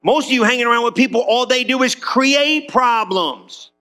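A high, bright-voiced man preaching. He talks fast and loose like a conversation, calling out to his congregation for amens. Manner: lively and conversational, calls for amens. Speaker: pastor. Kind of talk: sermon.

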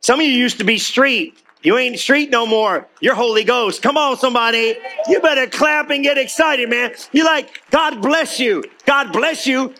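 A man's voice: very high-pitched, moderate pace, gravelly, few pauses, bright, forceful tone. A man preaching a sermon in church, talking to his congregation like a friend and urging them on with repeated calls for claps and amens. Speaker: pastor.

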